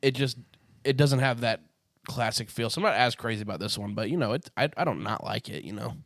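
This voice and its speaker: A man's voice: mid-range voice, brisk, vocal fry, a bit bright, dry recording, clean studio sound. A man joining a podcast chat, laid-back, hesitant and joking. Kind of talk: casual chat.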